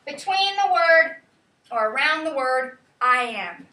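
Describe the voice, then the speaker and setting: A woman's voice: high-pitched, expressive, slow pace, long pauses, sharp tone. A woman teaching a class, sometimes calling words out in a sing-song way to show syllable stress. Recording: echoey classroom, mic far off.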